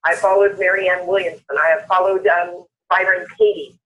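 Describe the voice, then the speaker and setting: A woman's voice: fairly low pitch, moderate pace, hardly any pauses, slight background noise. A woman hosting a motivational conference call, upbeat and emphatic, repeating phrases for effect. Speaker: call host. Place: Southern California. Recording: muffled phone-line call recording.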